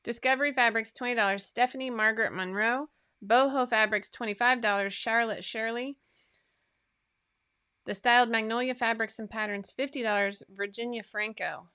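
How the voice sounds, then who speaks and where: Casual woman host, bright voice, chatty asides between giveaway announcements. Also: a little high, steady tone, moderate pace, clean tone. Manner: chatty, asides and fillers between list items. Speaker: host of a sewing pattern livestream. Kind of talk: casual livestream chat reading out giveaway winners.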